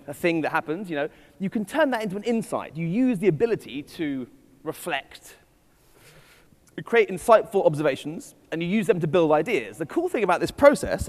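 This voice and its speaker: A man giving a witty, digressive keynote talk at a conference. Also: fairly high pitch. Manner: witty, digressive, self-deprecating. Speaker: conference speaker. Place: conference hall. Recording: hall reverb from stage.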